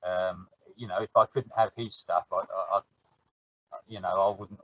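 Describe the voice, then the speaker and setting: A man's voice: low voice, steady tone, measured pace, dry recording. Chatty South London man, dull dry audio. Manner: chatty, laughs easily, acts out little quoted exchanges. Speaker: guest. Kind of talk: casual podcast chat.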